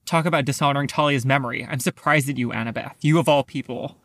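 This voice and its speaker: A man's voice: mid-range voice, quick pace, no room sound, natural voice. A man reading aloud the lines of a persuasive young male rebel from a novel, in his own voice. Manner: read aloud from a novel, flat.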